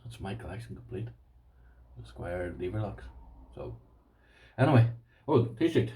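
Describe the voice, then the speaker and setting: A middle-aged Irish man chatting casually to camera about his lock collection, self-deprecating and quick to laugh. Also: low-pitched, animated, dark tone, distant mic, low-quality recording. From Ireland. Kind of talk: casual vlog chat.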